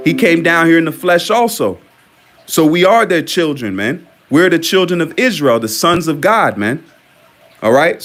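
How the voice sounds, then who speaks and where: A man's voice: on the high side, a bit bright. A man giving religious commentary, reading passages aloud and repeating questions, often ending phrases with "man".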